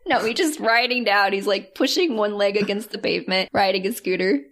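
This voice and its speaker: A woman's voice: mid-range voice, a little fast, heavy background noise. A woman co-hosting a podcast, casually recapping a drama and laughing often as she retells scenes. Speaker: podcast co-host.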